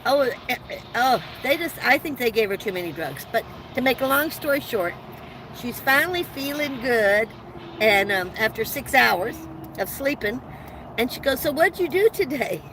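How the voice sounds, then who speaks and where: Woman, livestream host, casual rambling chat, fairly high voice, inside a van, faint background noise. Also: animated, moderate pace. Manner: chatty, rambling storytelling with frequent restarts and laughs. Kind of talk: casual live chat with viewers.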